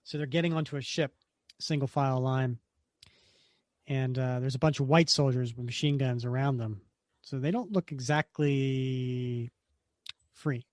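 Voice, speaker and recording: A man's voice: medium pitch, a little slow, long pauses, darkish tone, dry recording, studio quality. A man co-hosting a podcast, casually retelling a comic book story with lots of fillers and restarts. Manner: rambling, many fillers and restarts. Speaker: podcast co-host.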